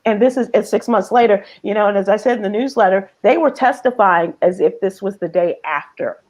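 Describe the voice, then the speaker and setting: A woman hosting a casual news discussion, thoughtful and halting, with lots of fillers. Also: mid-range voice, a little mellow. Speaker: host.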